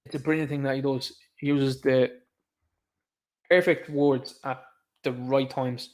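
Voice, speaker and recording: A man's voice: medium pitch, flat delivery, a little slow, darkish tone. A young Irish man hosting a casual live stream, reading out chat comments in a chatty, rambling way and laughing often. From Ireland.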